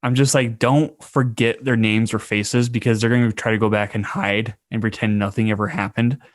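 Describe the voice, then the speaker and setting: A man's voice: on the low side, level tone, moderate pace, no echo, studio quality. A man hosting a podcast in casual chat, talking loosely with lots of fillers and blunt swearing. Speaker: podcast host.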